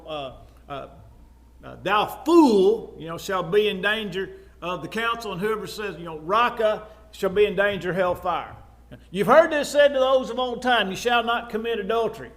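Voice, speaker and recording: A man with a Texan accent preaching in a conversational Bible class style, with frequent fillers and asides. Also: high voice. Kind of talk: sermon, Bible class teaching.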